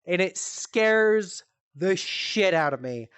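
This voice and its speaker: Smooth-voiced young man telling crude stories. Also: high-pitched, expressive, takes it slowly, a bit bright, no echo. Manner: profane, rambling, laughs at his own stories. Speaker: streamer comedian. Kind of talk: casual comedic storytelling. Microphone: headset.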